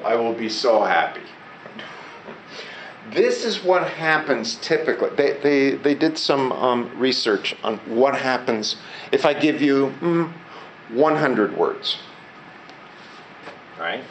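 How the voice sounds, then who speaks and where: A male teacher leads a classroom lesson, drawing answers and repetitions out of his students at an unhurried pace. He is heard from across an echoing room, with clear background noise throughout. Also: medium pitch, lively intonation. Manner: prompts students to repeat and answer. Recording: echoey classroom recorded from far off with loud background noise.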